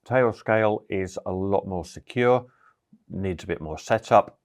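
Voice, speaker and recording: A man hosting a tech tutorial, explaining network setup in a relaxed, casual way with some fillers. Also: deep voice, measured pace. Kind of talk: casual screen-recorded tutorial.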